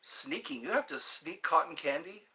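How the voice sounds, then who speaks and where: A man hosting a casual livestream from home, chatting in a rambling, animated way and reading viewer comments aloud. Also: normal speed. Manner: chatty, rambling, animated, with pitch leaps when greeting viewers. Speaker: livestream host.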